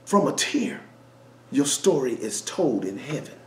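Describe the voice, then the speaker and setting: A man's voice: mid-range voice, sing-song, measured pace, reverberant, slight background noise. A man preaching an emotional Bible teaching. He laughs, weeps and exclaims, and often repeats his words.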